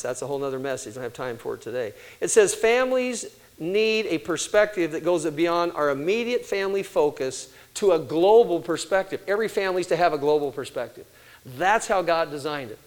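Casting: older male preacher, slightly high voice, lively, story-driven sermon delivery. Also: rough recording. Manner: animated storytelling with quoted voices.

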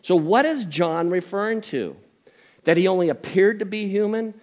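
A man's voice: high voice, normal speed. Older male pastor preaching, conversational. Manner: conversational, jokey asides, animated impressions of family. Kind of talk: sermon.

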